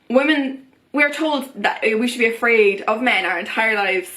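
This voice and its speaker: A woman's voice: on the high side, fairly bright tone. Heated young woman venting to camera. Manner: heated, impassioned, many restarts. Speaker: vlogger. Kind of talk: personal vent to camera.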